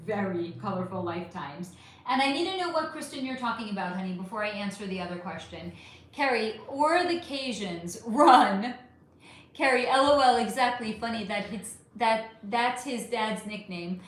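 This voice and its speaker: A woman's voice: medium pitch, animated, normal speed, a little hiss or hum. Affectionate chatty woman in an echoey room. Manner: chatty, affectionate, calls viewers honey, swears freely. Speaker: livestream host. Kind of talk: casual livestream chat reading comments.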